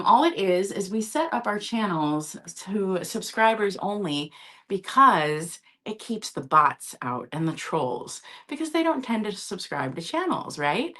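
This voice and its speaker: A woman's voice: mid-range voice, a bit bright. A woman hosting a live-stream vintage sale, chatty and casual, often checking in with her viewers.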